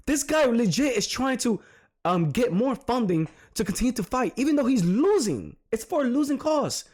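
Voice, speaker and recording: A man giving casual reaction commentary, animated and repeating phrases for emphasis. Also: extremely high pitch, normal speed. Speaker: reaction streamer.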